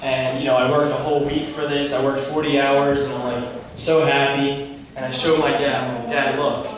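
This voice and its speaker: A man's voice: medium pitch, normal speed, a little hiss or hum. A young man casually telling a rambling story to a youth group, acting out the dialogue. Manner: animated, rambling, acts out dialogue. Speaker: youth speaker. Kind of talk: casual storytelling talk to teens. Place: large room, speaking to a youth group. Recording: very echoey room, heard from far off.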